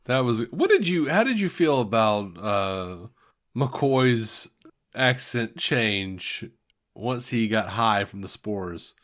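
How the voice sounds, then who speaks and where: A man's voice: fairly low pitch, very animated, slow pace, a bit bright. Enthusiastic man gushing on a podcast. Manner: enthusiastic, gushing about favorite moments. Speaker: podcast co-host. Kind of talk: casual chat reviewing a TV episode.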